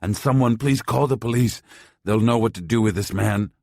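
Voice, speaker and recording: A man reading an audiobook voices a frail, enraged old man whose voice is cracked and raspy as he shrilly pleads with onlookers. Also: medium pitch, animated, normal speed, dark tone, no echo, clean studio sound, voice pushed up, close to an everyday voice. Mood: shouting.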